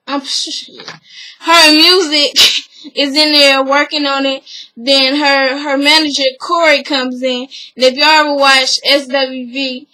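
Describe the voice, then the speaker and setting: Brief: a woman vlogger with a high, bright voice, talking through a show recap in a chatty, opinionated, gossipy way. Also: low-quality recording. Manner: chatty, opinionated, full of "you know" fillers.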